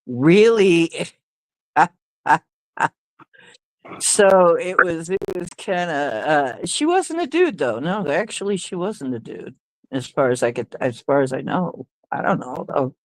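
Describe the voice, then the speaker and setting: A woman's voice: deep voice, lively intonation, slow, dry recording, poor audio. Rambling woman storyteller, dry close sound. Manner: rambling, hesitant, with frequent fillers and laughs. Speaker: livestream host. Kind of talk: casual storytelling chat.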